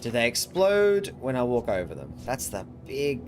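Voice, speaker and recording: A gaming streamer plays a strategy game while giving casual let's-play commentary, chatting wryly with chat and laughing often. His voice is medium-pitched and a little mellow, with huge pitch swings, at normal speed.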